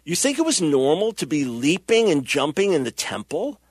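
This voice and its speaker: A middle-aged male radio host preaches with impassioned emphasis, and his fairly high voice swings widely up and down. The sound is close and dry, with no room around it. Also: very animated, moderate pace, slightly rough, no echo. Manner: impassioned, emphatic, acts out quoted people. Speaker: radio talk show host.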